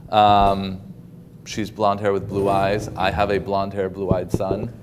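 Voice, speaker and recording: A man's voice: low-pitched, monotone, unhurried, background noise. A man giving a casual talk over a video call, with many ums and restarts. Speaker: guest speaker. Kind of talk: informal lecture.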